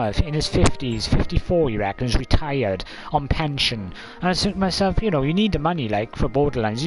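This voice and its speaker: A man's voice: mid-range voice, poor audio. A man, chatting casually on a live stream in a rambling, blunt way, swearing freely and calling listeners "mate". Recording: talk over clear background music.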